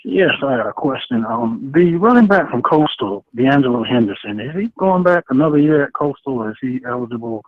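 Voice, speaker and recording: A man calling in to a sports radio show, friendly and halting, often repeating himself. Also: mid-range voice, lively intonation, no echo. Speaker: caller. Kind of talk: phone-in question. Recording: tinny phone line.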